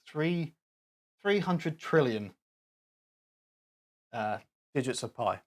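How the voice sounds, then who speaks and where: A man's voice: mid-range voice, lively intonation, slow. A man hosting a live stream, chatting casually and rambling with chuckles while he talks to his chat.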